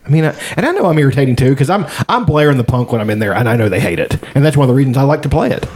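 Profane grumpy man, lively voice. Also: medium pitch, racing, breathy edge. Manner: profane, grumpy, laughs often. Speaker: podcast co-host. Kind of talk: casual chat.

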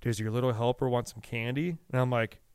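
A young man chats on a podcast in a smooth, resonant voice recorded dry and close. He tells stories with energy and jumps into a high, excited voice when he quotes his small son. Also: brisk, dry recording. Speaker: podcast co-host. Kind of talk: casual chat, storytelling.

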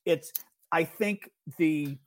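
A man co-hosting a podcast, talking in a rambling, chatty way about politics and quick to agree with his partner. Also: a little high. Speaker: podcast co-host. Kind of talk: casual political chat.

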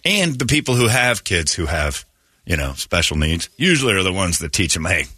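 A man's voice: sits low, very animated, normal speed, pushed and bright, slightly rough, no echo. A man hosting a morning radio show, talking in a crude, joking, rambling way at a studio mic. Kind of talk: casual morning radio chat.

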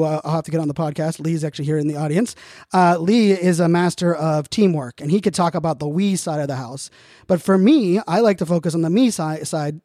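A man hosts his podcast in a loose, rambling monologue, stumbling over restarts and leaning on fillers. His voice sits high but has a warm, mellow tone. The recording is dry and close, with no room sound. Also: no room sound. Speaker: podcast host. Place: Phoenix, Arizona area.

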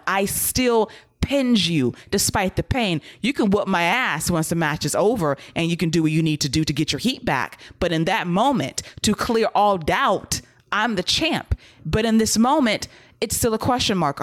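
A man co-hosting a casual wrestling talk show. He sounds direct and critical, in a steady way. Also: sits high. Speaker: wrestling podcast co-host. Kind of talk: casual commentary chat.

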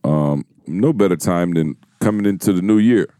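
A man's voice: low voice, warm tone, clear, resonant tone, no room sound, clean studio sound. Blunt man in casual podcast chat. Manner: blunt, emphatic, says it slow. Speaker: podcast co-host.

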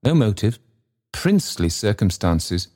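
A man's voice: fairly low pitch, sing-song, a little slow, a little mellow. A man voicing a nervous, agitated male secretary who speaks in urgent tones. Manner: flustered, urgent.

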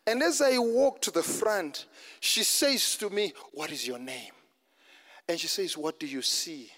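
A man's voice: high voice, in a large hall. A man preaching a sermon, telling a personal story and then urging his congregation on with rising fervour. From London. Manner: storytelling, building to fervent exhortation. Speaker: pastor.

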